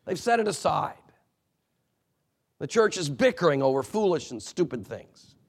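A male pastor delivering a sermon in an earnest, admonishing way, swinging between emphatic peaks and quiet low asides. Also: sing-song, normal speed, breathy edge.

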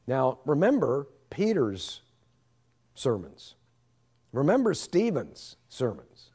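A man's voice: medium pitch, expressive, takes it slowly, dark tone. A man giving a Bible lesson, speaking earnestly and reverently and thinking aloud as he teaches.

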